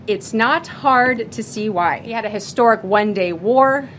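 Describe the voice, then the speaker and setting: A woman's voice: a little high, moderate pace, a bit bright, a little hiss or hum. A woman press secretary speaking from a podium in a rehearsed, upbeat briefing manner.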